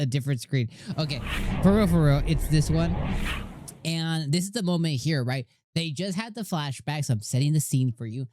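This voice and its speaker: A man hosting an anime channel, giving casual reaction commentary in an excitable, gushing way with lots of rambling restarts. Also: fairly high pitch. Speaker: anime reviewer and channel host.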